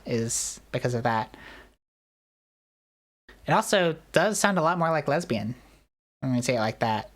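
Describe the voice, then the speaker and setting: Woman streamer, casual chat, low voice, rambling, jokey, self-deprecating. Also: fairly bright tone.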